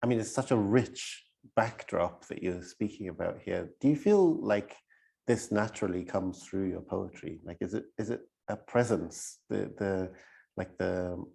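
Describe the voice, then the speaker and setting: A man's voice: low-pitched, unhurried, gravelly, dark tone, breathy edge. A man interviewing a poet, asking thoughtful questions. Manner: attentive, brief affirmations, thoughtful questions. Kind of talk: conversational interview.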